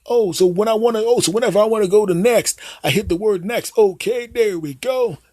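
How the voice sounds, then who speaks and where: A man's voice: high voice, brisk, a little mellow, dry recording, clean studio sound, pitched above the performer's own voice. A man voicing a befuddled older father who fumbles through a smartphone, asking the same questions over and over. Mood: confused, eager. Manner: fumbling, repetitive, flustered questions.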